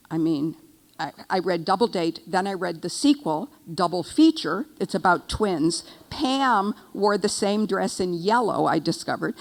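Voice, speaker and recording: An older woman giving a keynote speech, telling a humorous story in a wry, animated way. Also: lowish voice. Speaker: keynote speaker. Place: event stage.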